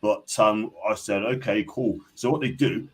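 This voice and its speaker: A man's voice: fairly low pitch, fairly even intonation, normal speed, background noise. A man talking as a guest on a casual live stream, earnest and hesitant with many fillers.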